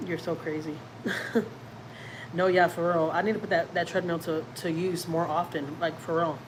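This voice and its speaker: Her voice sits lowish and steady, at a moderate pace, with background noise behind it. A family vlogger from Houston, Texas, she livestreams from home, casually rambling, teasing herself, and reading viewer comments aloud.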